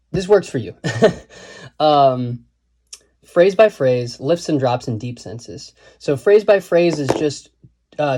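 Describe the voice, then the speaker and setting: A man's voice: medium pitch, warm tone. A man giving a casual, digressive lesson on writing, thinking aloud and reciting quotes and lines of verse. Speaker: writing teacher.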